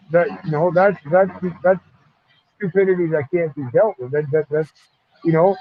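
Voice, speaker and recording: A man's voice: fairly high pitch, a little hiss or hum. A man guest in a casual online chat, telling a long story with a lot of swearing and rambling. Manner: rambling, profane, animated retelling. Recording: dull lo-fi audio.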